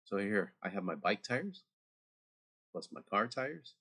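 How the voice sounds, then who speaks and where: Low husky-voiced male math teacher. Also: sing-song, a little slow, sharp tone. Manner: chatty, talks directly to students with asides. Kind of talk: screen-recorded math lesson.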